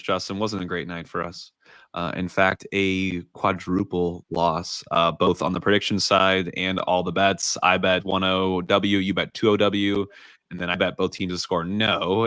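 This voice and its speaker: A low-voiced man with a Midwest accent, talking in a dry, close sound. He co-hosts a podcast and chats emphatically, working in ad reads. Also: no room sound. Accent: American Midwest. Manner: animated, emphatic, laughs easily. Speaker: podcast co-host. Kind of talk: casual sports podcast chat with ad reads.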